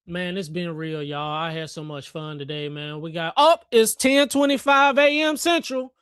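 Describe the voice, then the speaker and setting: A man's voice: fairly high pitch, moderate pace, fairly bright tone, clean tone, no room sound, studio quality. A man hosting a trading livestream, joking and talking back to the chart in casual live commentary. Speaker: livestream host and futures trader.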